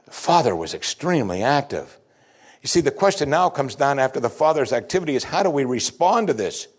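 Guy preaching a sermon, super animated, voice jumps all over, goes quiet for the heavy parts. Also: medium pitch, brisk, husky. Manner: animated preaching, voicing quoted speakers, swings from loud to hushed. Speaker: pastor.

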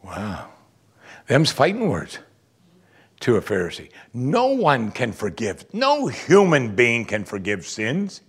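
Husky male preacher, animated teaching. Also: mid-range voice, takes it slowly. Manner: animated Bible teaching with reading and asides. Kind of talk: sermon.

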